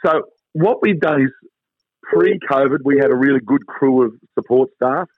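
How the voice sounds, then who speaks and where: A man's voice: mid-range voice, no echo. Australian man, phone interview guest, chatty and upbeat, tinny phone line, dry sound. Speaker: travel company guest.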